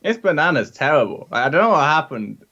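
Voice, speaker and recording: A man's voice: fairly high pitch, big pitch swings, fast talker, pushed and bright. Dry British man, lo-fi sound. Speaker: podcast co-host. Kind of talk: casual chat.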